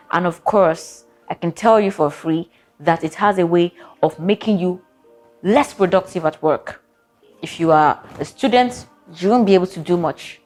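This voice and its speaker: A woman's voice: fairly low pitch, normal speed, a little mellow, soft background music. A woman, a therapist giving casual relationship advice in a sassy, playful, direct way.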